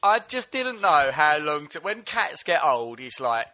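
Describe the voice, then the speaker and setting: A man with a mid-pitched, bright, punchy voice, telling an anecdote in a rambling, sweary way. The mic is close and the room is dry. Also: very animated, unhurried, no room sound. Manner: swearing, rambling, laughs at own jokes. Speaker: podcast co-host. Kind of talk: casual storytelling.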